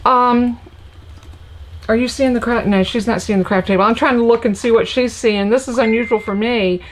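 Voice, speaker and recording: Here the crafting host, an older American woman with a Southern accent, sounds fairly high-pitched and keeps her intonation fairly even at a moderate pace. She chats casually and folksily on her live stream, calling out viewers by name, over a slight hiss or hum.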